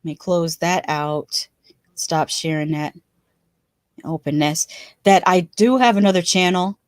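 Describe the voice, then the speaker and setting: A woman hosting a live stream chats loosely with her viewers, trailing off and laughing often. Her voice sits a little low. It sounds close and dry, with no room around it. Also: unhurried, dry recording. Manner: chatty, laughs often, restarts and rambles. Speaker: livestream host. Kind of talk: casual live-stream chat.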